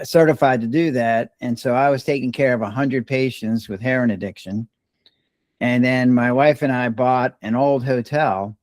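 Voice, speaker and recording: A man's voice: mid-range voice, no room sound. Older man telling stories in a dry, close sound. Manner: relaxed, rambling storyteller who restarts words mid-sentence. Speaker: podcast guest, retired doctor. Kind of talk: casual storytelling conversation.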